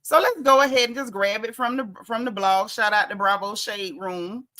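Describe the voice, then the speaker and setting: A woman's voice: mid-range voice, normal speed, pushed and bright. A woman hosting a casual gossip commentary show, chatty and sassy, laughing and reading blog posts aloud with her own asides. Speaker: host.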